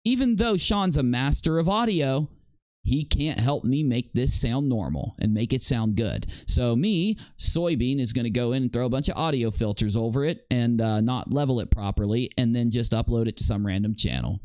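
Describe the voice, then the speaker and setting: Sarcastic, animated male commentator. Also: medium pitch, moderate pace, no room sound. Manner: sarcastic, indignant. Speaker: commentary channel host. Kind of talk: drama commentary.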